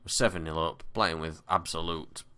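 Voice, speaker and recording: A man casually commentating his own football management game, with excited bursts and weary sighs. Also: very deep voice, normal speed, clear, resonant tone. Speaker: gaming commentator. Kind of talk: casual let's-play commentary.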